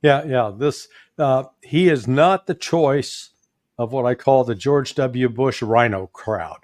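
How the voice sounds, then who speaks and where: A man with a Midwestern accent, a guest commentator talking politics in a folksy, animated way with joking asides. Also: medium pitch, slow pace, dry recording, studio quality. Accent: Midwestern American.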